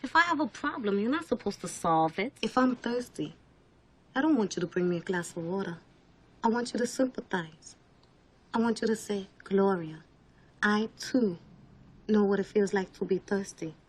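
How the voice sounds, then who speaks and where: A man's voice: high voice, lively intonation, moderate pace, fairly bright tone, voice pushed up. A man voicing an exasperated young woman who insists on sympathy and lectures her boyfriend.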